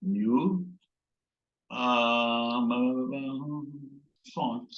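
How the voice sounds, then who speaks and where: A man gives a physics lecture at a slow, deliberate pace, stopping often to ask his students "right?" while he edits his slides. The recording sounds roomy and echoey, with a dull, muffled tone. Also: mid-range voice, fairly even intonation. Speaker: physics instructor.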